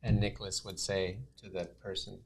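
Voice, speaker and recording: A man's voice: low voice, level tone, brisk, a little hiss or hum. A middle-aged man hosting a casual interview who is chatty and laughs easily. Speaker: host.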